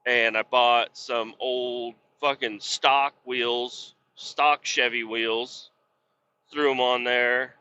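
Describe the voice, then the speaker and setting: A man's voice: medium pitch, steady tone, extremely slow, sharp tone, clean tone, highs cut off. A man hosting a podcast, telling a rambling, profane story in casual chat and getting worked up as he acts out arguments. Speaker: podcast host.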